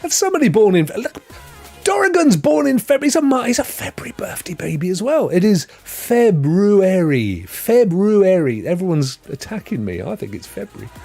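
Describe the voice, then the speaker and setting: Husky, animated stream host. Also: male voice, high voice, brisk, soft background music. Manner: jokey, rambling, greets chat viewers by name. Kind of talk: casual live-stream chat.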